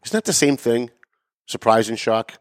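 A man hosting a political commentary show, talking sarcastically and emphatically. He swings between raised, pointed emphasis and low asides. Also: animated, moderate pace, no room sound, clean studio sound. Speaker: show host. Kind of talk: opinionated political commentary monologue.

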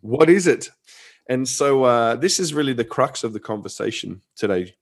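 A man's voice: medium pitch, normal speed, gravelly. A middle-aged man hosting a casual talk, telling a story in a chatty way with many restarts and fillers. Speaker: podcast host, former youth pastor.

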